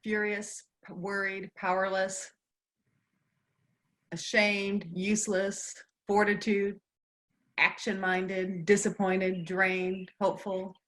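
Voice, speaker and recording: Female co-host, bright tone, slow and deliberate, reading out a list of words from the chat. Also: mid-range voice, completely flat delivery.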